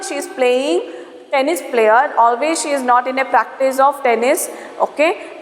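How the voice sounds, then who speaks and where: A woman teacher with an Indian English accent, slowly explaining a textbook lesson, repeating herself and checking in with "okay?". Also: high voice. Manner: slow, repetitive explaining with many fillers and "okay?". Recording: echoey room with long reverb.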